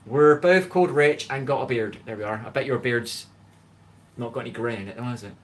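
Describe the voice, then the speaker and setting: Brisk and medium-pitched, this middle-aged Bristol-accented Englishman hosts a live cooking stream at home. He's chatty, calling out viewers by name and reading their messages from the chat.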